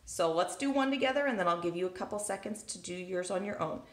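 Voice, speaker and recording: Her voice lowish, her intonation lively and her pace quick, a woman teacher guides students through a worksheet for a recorded classroom lesson. Holding a handheld recorder in one hand, she thinks aloud step by step and taps syllables on the table, with the room echoing around her.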